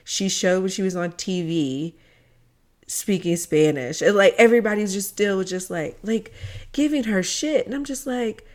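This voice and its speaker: A young woman in a casual podcast chat, expressive and blunt, swearing freely. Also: medium pitch, normal speed.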